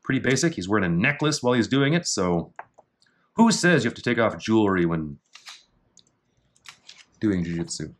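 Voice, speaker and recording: A middle-aged man casually talking through techniques in a martial arts book, with dry offhand asides and slow, halting reading of foreign terms. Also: fairly low pitch, big pitch swings. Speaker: jiu-jitsu instructor reviewing a technique book. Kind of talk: casual commentary.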